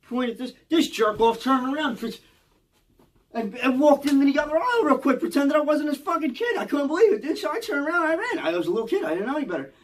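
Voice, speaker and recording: A man's voice: very high-pitched, sing-song, fast. A man with a Philadelphia accent telling true stories from his childhood in a rambling, profane storytime monologue that keeps checking in with the listener. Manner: rambling, profane, keeps adding "you know what I mean" and "okay?".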